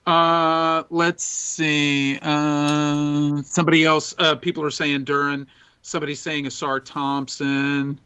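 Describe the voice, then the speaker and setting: A man's voice: a little high, flat delivery, slow, bright, forceful tone, smooth. A man co-hosting a sports podcast, telling long rambling anecdotes full of fillers and restarts. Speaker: podcast co-host. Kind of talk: casual chat, storytelling. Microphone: desk mic, reads chat from screen.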